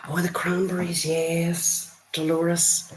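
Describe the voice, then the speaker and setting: Chatty low-voiced Northern Irish woman. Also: flat delivery, takes it slowly. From Northern Ireland. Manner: chatty, greets viewers by name, calls them love. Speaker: live streamer. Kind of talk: casual live-stream chat with viewers.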